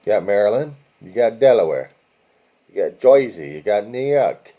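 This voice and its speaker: A man's voice: fairly low pitch, sing-song, normal speed, dark tone. A man hosting a casual video, talking viewers through a map in a rambling way, with profane asides and chant-like lists of places. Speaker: video host.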